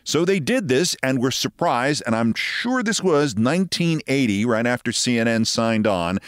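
A man's voice: mid-range voice, dry recording, clean studio sound. A man in his sixties hosting a show, telling wry, conversational anecdotes. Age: 60s. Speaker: host. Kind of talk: monologue storytelling.

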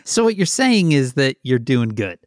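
A man's voice: mid-range voice, sing-song, moderate pace, darkish tone, no echo. A man co-hosting a podcast in casual chat, teasing his co-host drily. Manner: dry teasing.

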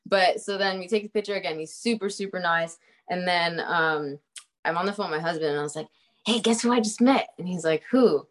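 A woman's voice: fairly low pitch, brisk. A young woman telling a story in a casual chat, laughing often and swearing freely, with lots of fillers.

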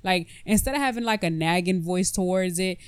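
A woman's voice: fairly low pitch, brisk, clear, resonant tone, no echo. A woman co-hosting a podcast, talking earnestly and offering advice in a casual, reflective way. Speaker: podcast co-host.

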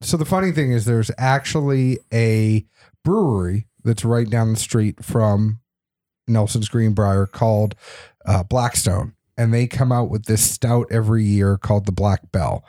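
A middle-aged man from Boston, a podcast guest, telling stories in casual, animated chat. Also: on the low side, a little slow. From Boston area. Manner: chatty, animated storyteller.

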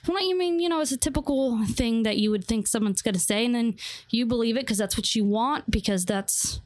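A woman's voice: on the high side, brisk, no room sound. Young woman telling her story, lots of um and you know, dry close sound. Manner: rambling, many fillers and restarts. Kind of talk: personal testimony interview.

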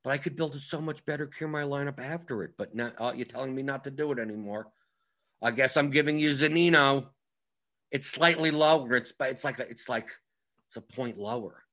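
A man's voice: mid-range voice, a little fast, fairly bright tone. A man hosting a fantasy sports strategy show, explaining in a rambling, casual way and often repeating his words. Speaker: fantasy sports analyst host.

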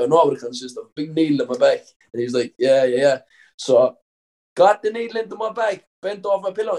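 A man's voice: fairly high pitch, a little mellow, rough recording. A young Irish man, a professional fighter, telling stories in a casual interview, rambling with lots of fillers and swearing.

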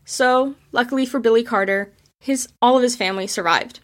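A woman's voice: a little high, fairly quick. Woman telling history stories with feeling. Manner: emotional, animated, acts out quoted voices. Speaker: history storyteller. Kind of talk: casual spoken history storytelling.

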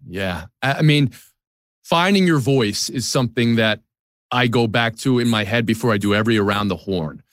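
A man's voice: mid-range voice, moderate pace, fairly bright tone, no room sound, clean studio sound. A man in his forties from the New York area, a sports TV host talking candidly and self-deprecatingly in a podcast conversation.

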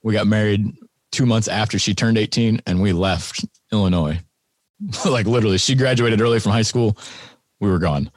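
A man's voice: on the low side, moderate pace, no room sound, clean studio sound. A man in his thirties, a podcast guest, telling stories in a laid-back, wry way and laughing often. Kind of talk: casual conversational storytelling.

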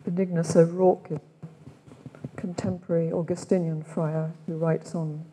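An older Englishwoman leads a retreat day in a meditation centre room, speaking reflectively, posing many questions and reading quotations aloud. Her mellow voice is on the low side, with little pitch movement and a moderate pace. A long reverb tail and slight hiss or hum accompany her.

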